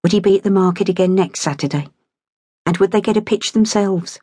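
A woman narrating an audiobook in a steady, measured storytelling voice, close to a studio mic. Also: medium pitch, breathy edge, no echo. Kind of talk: scripted narration.

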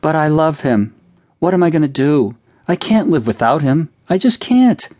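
A man voicing a wildly emotional six-year-old girl who wails through tears in a high, crying voice. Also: very animated, moderate pace, a little mellow, no echo, studio quality. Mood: sobbing distress.

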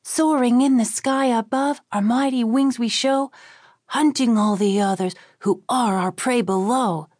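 A woman's voice: a little high, measured pace, a little mellow, no room sound, clean studio sound, voice pushed up. A woman voicing a boastful team of boys singing their camp chant in a sing-song way.

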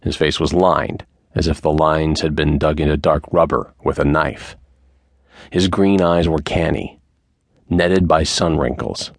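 Male audiobook narrator: very low, slow and measured, dry close sound. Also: fairly even intonation, dry recording. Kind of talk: scripted narration.

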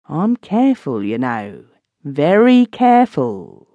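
A woman's voice: deep voice, very animated, takes it slowly, no echo, lo-fi sound, full character voice. Woman reading as sly scheming housekeeper. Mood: menacing. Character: scheming middle-aged female housekeeper, dry and bold. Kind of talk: audiobook reading.

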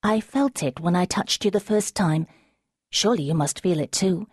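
A woman's voice: on the low side, moderate pace, breathy edge, no echo. A woman narrator voicing an earnest young woman who senses the truth in others, her voice lifted and urgent, at times dry, in a storybook reading.

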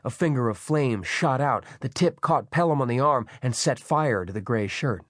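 A male audiobook narrator with a mid-pitched voice telling a thriller in a tense, dramatic read. The sound is dry and close, with no room around him. He keeps a steady, gripping pull through the action. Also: normal speed, dry recording. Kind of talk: scripted narration. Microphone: close studio mic.

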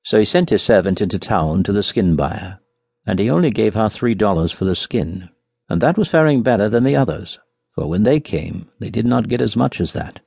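Low-voiced, expressive male storyteller. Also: moderate pace, gravelly, husky, no echo. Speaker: audiobook narrator. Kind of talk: scripted fairy-tale narration.

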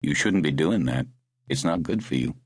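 A man doing a gruff, loyal chauffeur. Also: very deep voice, lively intonation, normal speed, no echo, pitched below the performer's own voice, full character voice. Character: large loyal male chauffeur, gruff and worried.

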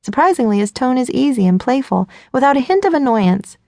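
A woman's voice: sits high, very animated, brisk, mellow, no echo. A woman narrating a first-person audiobook in a self-mocking, flustered voice, close to the mic.

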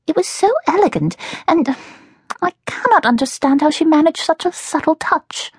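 A woman voicing an excitable, dramatic young woman in an audiobook, speaking high and breathless with sighs. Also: normal speed, no room sound, clean studio sound. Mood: eager. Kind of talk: audiobook character voice.

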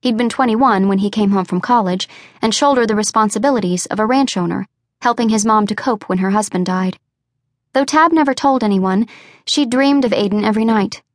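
A woman's voice: mid-range voice, no echo, studio quality. Woman reading a romance suspense audiobook. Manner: measured, even storytelling. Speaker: audiobook narrator. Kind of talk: scripted audiobook narration.

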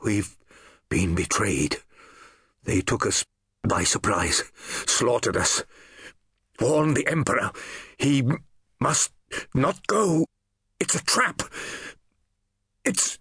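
A man's voice: medium pitch, expressive, fairly bright tone, slightly rough, dry recording, studio quality, exaggerated voice. A man voicing a dying soldier gasping out a warning. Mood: desperate. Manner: broken, halting gasps. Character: wounded dying male soldier, desperate.

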